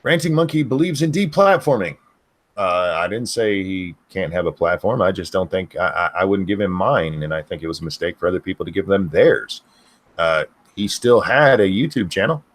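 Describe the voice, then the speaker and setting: Low, lively-voiced blunt male stream host. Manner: blunt, halting, many fillers and restarts. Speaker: stream host reading chat questions. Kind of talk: casual live-stream chat.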